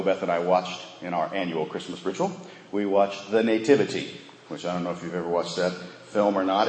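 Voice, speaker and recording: Deep-voiced man preaching in echoey hall. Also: darkish tone. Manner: rhetorical questions, slow emphatic repetition. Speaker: pastor. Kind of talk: sermon. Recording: echoey hall with faint ambience.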